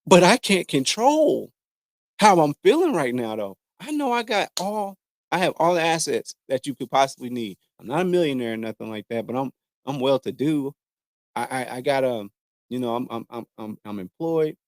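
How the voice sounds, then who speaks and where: A man's voice: mid-range voice, big pitch swings, moderate pace, no echo, studio quality. A man speaking frankly and earnestly to viewers about personal struggles, in a slangy, conversational way with many restarts. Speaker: vlogger. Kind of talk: candid personal talk to camera.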